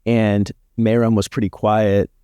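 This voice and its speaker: Relaxed man telling stories, warm tone. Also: lowish voice, measured pace, clear, resonant tone, dry recording. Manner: relaxed storyteller with frequent "like" fillers. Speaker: podcast guest. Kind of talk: casual storytelling chat.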